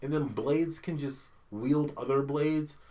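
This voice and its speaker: A man's voice: on the high side, slow pace, dark tone. A man ranting about a video game. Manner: ranting, profane, exasperated, mocking impressions. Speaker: podcast co-host. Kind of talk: casual chat.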